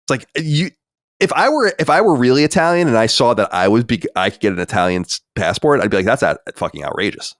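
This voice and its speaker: A man's voice: mid-range voice, fast talker, dry recording, clean studio sound. An American man hosting a podcast in casual, rambling chat, emphatic and swearing freely. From United States. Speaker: podcast host.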